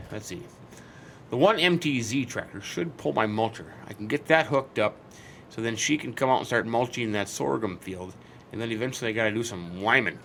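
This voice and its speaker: A man's voice: medium pitch, creaky, a bit bright, a little hiss or hum. A man giving casual in-character commentary as he plays a farming game, rambling and thinking aloud with plenty of fillers. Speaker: game roleplay host.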